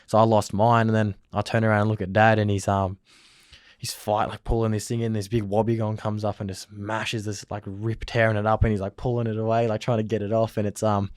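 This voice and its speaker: Young Australian male interview guest, casual rambling storyteller, rapid flat delivery. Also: lowish voice, clean tone, no room sound, studio quality. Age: young adult. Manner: rambling, filler-heavy, lots of "like". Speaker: interview guest, rugby league player.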